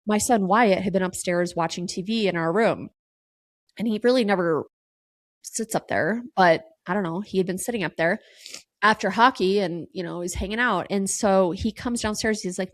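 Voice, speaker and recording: A woman's voice: medium pitch, moderate pace, no room sound, studio quality. A woman in her thirties hosting a podcast, telling a raw personal story with plenty of fillers and casual swearing. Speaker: podcast host.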